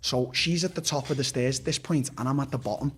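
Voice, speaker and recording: Liverpool man, fighter guest on a podcast; husky, mid-pitched, candid, sweary, stop-start delivery. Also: quick pace. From Liverpool, England. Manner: blunt, swears constantly, restarts sentences. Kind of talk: candid personal storytelling.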